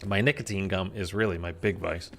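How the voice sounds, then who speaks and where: A man's voice: sits low, fairly even intonation, fairly quick. A man streaming a game, chatting and rambling to his viewers. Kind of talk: casual gameplay chat. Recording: game noise behind the voice.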